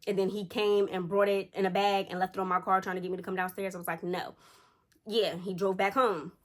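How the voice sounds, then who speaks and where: A woman's voice: medium pitch, a little fast. A young woman, chatting at home as a storytime vlogger and acting out the quotes of people in her story. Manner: chatty and animated, acts out quotes. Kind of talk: casual storytime chat.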